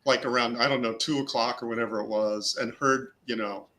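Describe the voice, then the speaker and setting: A man's voice: medium pitch, fairly even intonation, fairly quick, pushed and bright, a little hiss or hum. A man moderating a casual chat, teasing and joking with a laugh.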